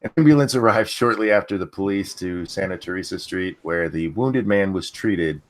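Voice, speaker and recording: A man's voice: deep voice, normal speed. A man hosting a casual livestream, reading news items aloud and reacting bluntly with swearing. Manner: blunt, swears freely, animated. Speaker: podcast host.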